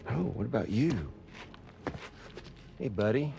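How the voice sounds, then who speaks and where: A man's voice: mid-range voice, lively intonation, measured pace, vocal fry, mellow, faint music behind. An actor playing a taunting, theatrical male villain in a game cutscene, speaking in mocking, drawling taunts.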